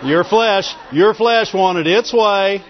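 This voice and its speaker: A pastor with a high-pitched male voice preaches slowly and conversationally, laughing often and calling out for amens. The sound is dull and lo-fi, captured in an echoing hall.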